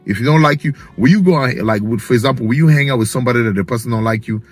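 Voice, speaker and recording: A man's voice: mid-range voice, racing, soft background music. A man speaking in a casual vlog, blunt and insistent.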